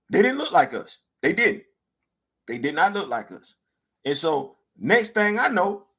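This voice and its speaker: There's a slightly rough edge to this podcast host's voice as he animatedly recounts a comedic tale on his talk show. He lurches from quiet mutters to loud outbursts and hammers phrases through repetition.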